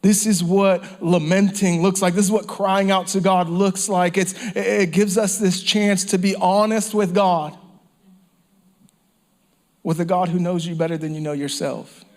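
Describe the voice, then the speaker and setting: A man's voice: sits high, fairly even intonation, unhurried. A man preaching a sermon as pastor, impassioned, repeating phrases and sometimes dropping to a whisper. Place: church or campground service.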